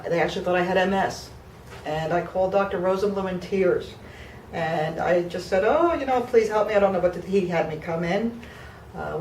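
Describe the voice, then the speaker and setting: A woman's voice: lowish voice, echoey room, distant mic, a little hiss or hum, poor audio. A woman of fifty from New Jersey giving an emotional patient testimonial, heartfelt and close to tears, with fillers and restarts. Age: 50s.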